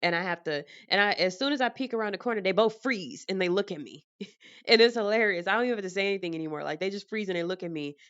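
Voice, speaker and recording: A woman vlogger chatting casually to camera from her apartment, telling animated stories and laughing often. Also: medium pitch, fast talker, clean tone, muffled recording.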